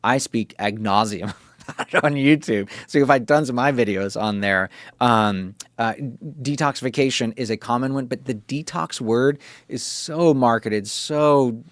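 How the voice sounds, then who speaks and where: A man with a Texas accent, a functional medicine doctor, explaining things in an interview with animated, repetitive emphasis and casual asides. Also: medium pitch, measured pace, dry recording. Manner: animated, repeats key words, casual asides.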